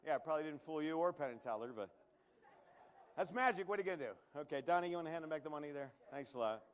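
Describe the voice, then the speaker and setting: A man's voice: a little high, lively intonation, clear, resonant tone. A man performing a live comedy magic act on a showroom stage, cracking jokes and chatting with the crowd as he does tricks. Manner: joking, quick asides to the crowd.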